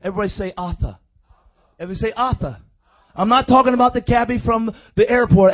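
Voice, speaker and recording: A male preacher with a very high voice delivers a rousing sermon, dropping low, then rising to shouts and calling out to the congregation. The recording is dull and lo-fi. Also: lively intonation, fast. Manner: call-and-response preaching, swings from quiet to shouting.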